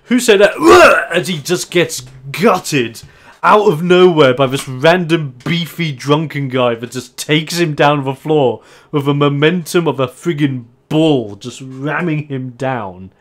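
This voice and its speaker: A man's voice: a little high, a little slow. A man running a tabletop role-playing game as game master, narrating the action casually and laughing often.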